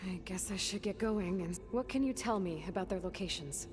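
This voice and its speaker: A woman's voice: medium pitch, a little fast, lightly acted. A woman voicing a determined young female hunter in a video game cutscene, asking direct, practical questions, with faint music behind her. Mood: questioning.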